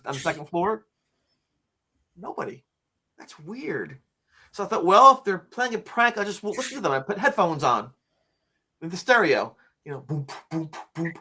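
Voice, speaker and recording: A man of about sixty, a guest on an interview show, telling a personal story in a lively way and acting out the quotes. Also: fairly high pitch. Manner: lively, acts out quotes and screams, frequent "like" fillers. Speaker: interview guest, author and teacher.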